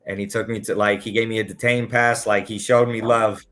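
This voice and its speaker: A man's voice: lowish voice, a little fast. A man, a podcast guest, telling casual stories with lots of swearing and acted-out quotes. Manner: animated, profane, acts out quotes. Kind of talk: casual storytelling.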